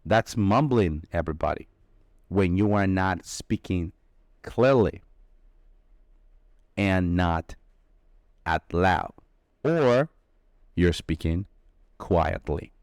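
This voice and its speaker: Slow, lively male English teacher. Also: sits low, no echo, clean studio sound. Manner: slow, emphatic explaining with drawn-out key words. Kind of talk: vocabulary lesson.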